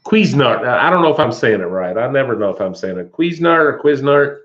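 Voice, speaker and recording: A man hosting a casual livestream in a relaxed way, reading viewer comments aloud and answering them. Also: mid-range voice, quick pace. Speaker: livestream host. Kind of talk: casual live chat. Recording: dull lo-fi livestream audio.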